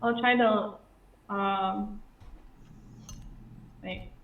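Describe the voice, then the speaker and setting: A woman's voice: medium pitch, steady tone, extremely slow, roomy sound, recorded from a distance, phone-quality sound, a crowd in the background. A woman playing a tabletop game, hesitantly working out how her attack works. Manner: unsure, hesitant. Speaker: player. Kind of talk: casual tabletop play.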